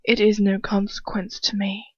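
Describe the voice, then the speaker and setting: A woman voicing a cold, controlling aristocratic wizard who speaks quietly and coolly, at times in a menacing whisper. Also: medium pitch, little pitch movement, moderate pace, breathy edge, dry recording, highs cut off, lightly acted.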